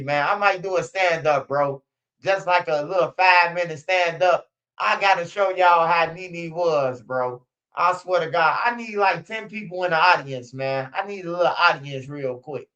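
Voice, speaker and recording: A man with a high voice talks on a live stream, full of profanity and animated storytelling. The audio is dull and lo-fi. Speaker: streamer commenting on street news. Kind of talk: casual live-stream commentary.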